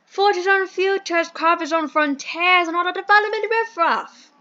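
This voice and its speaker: Lady doing a fussy posh brit gent voice, pompous and flowery, high pitched. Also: normal speed, bright, forceful tone, lo-fi sound. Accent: put-on British. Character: fussy old-fashioned British gentleman, a phone box employer. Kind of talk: voicing a dating sim playthrough.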